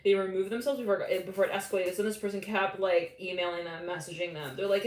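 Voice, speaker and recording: A woman giving a live psychic tarot reading in a rambling, loose way, full of "like" fillers and quick quoted voices. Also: lowish voice, steady tone, darkish tone. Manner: rambling, many "like" fillers, quotes imagined people, laughs often. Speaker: tarot reader. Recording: echoey room with faint background noise.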